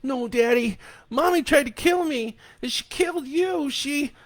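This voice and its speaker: A terrified sobbing little boy. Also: measured pace. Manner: high, sobbing, stammering cries.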